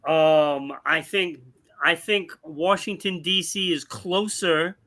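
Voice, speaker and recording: A high-pitched man with a very bright, sharp-edged voice, co-hosting a sports show. He hems with fillers before landing his picks with emphatic bursts. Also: slow. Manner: hesitant fillers, then emphatic outbursts. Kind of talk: casual sports picks chat.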